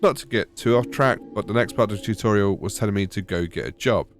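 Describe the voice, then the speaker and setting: Low-ish british guy doing a sarcastic game voice-over, bit of music under it. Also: quick pace. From United Kingdom. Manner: wry, sarcastic. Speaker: gaming YouTuber. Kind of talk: scripted gaming voice-over.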